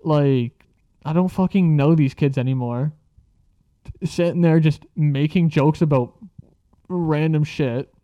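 A man's voice: fairly high pitch, slow pace, long pauses, mellow, no echo, highs cut off. A young man telling a casual story, rambling and swearing freely, with lots of filler words. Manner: rambling, profane, filler-heavy.

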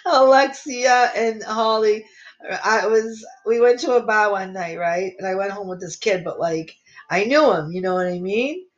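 A woman's voice: medium pitch, a little slow, dull audio. A woman in her thirties hosting a podcast, ranting to listeners in a fiery, profane, rambling way with many restarts. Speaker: podcast host. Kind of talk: casual profane rant to listeners.

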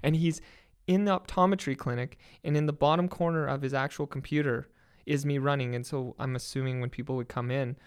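A man telling an excited story in casual chat, swearing often. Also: mid-range voice, a little fast, smooth.

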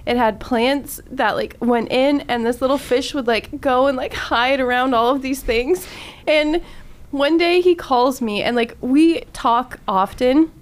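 A woman's voice: high voice, measured pace. A woman in her thirties co-hosting a radio show, telling a story in casual studio chat and laughing often into a studio mic. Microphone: studio microphone.

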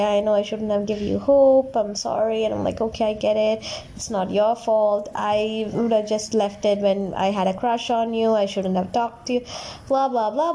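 A woman's voice: on the high side, dark tone. A young woman vlogger telling a personal story to her viewers in a candid, rambling, emotional way. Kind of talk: casual storytime vlog.

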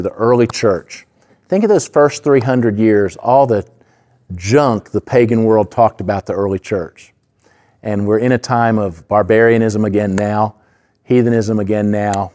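A preacher delivers a sermon in an earnest, conversational manner. His voice sits low and mellow. He leans on asides and fillers as he talks. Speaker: pastor.

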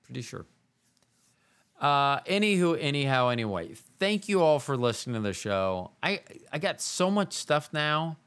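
A man's voice: on the high side, big pitch swings, normal speed, fairly bright tone, clear, resonant tone. A man hosting his own podcast alone, talking in a rambling, self-mocking way and drifting from one aside to the next. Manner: rambling, self-mocking, jumps between voices. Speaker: podcast host. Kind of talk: casual solo podcast monologue.

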